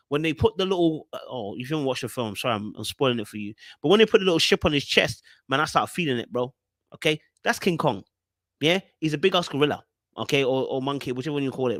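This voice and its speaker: A man's voice: fairly high pitch, fairly bright tone, dry recording, studio quality. A young man hosting a podcast, giving an emphatic casual monologue and often checking in with his listeners. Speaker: podcast host reviewing a reality show.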